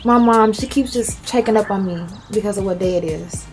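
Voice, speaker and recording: A woman's voice: medium pitch, a little fast, lightly acted. Woman playing a defensive young college girl, faint music behind. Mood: guarded. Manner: defensive, irritable. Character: young female college student, guarded and jumpy.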